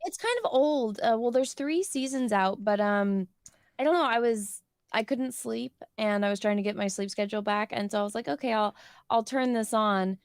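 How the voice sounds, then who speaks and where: A woman's voice: a little high, normal speed, no room sound, clean studio sound. A young woman who grew up on a ranch, a podcast guest chatting casually and giggling easily. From rural ranch upbringing. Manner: relaxed, chatty, giggles often.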